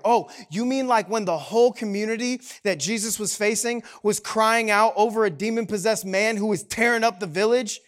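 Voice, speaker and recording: A man, a pastor, delivering an impassioned sermon that swings between hushed and loud passages and puts rhetorical questions to the congregation. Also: high voice, normal speed, few pauses.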